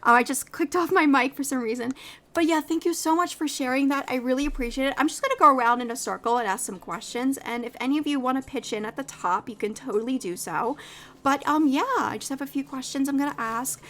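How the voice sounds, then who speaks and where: A young woman hosting a casual live podcast, effusive and quick to laugh as she asks her guests questions. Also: sits high. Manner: warm, effusive, laughs often. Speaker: podcast host.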